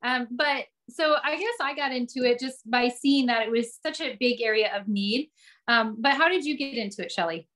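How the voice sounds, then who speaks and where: A woman in her forties hosting a casual online class. Her voice sits fairly high, and she speaks in an earnest, friendly way, often restarting her sentences as she goes. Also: moderate pace, fairly bright tone. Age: 40s. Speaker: host.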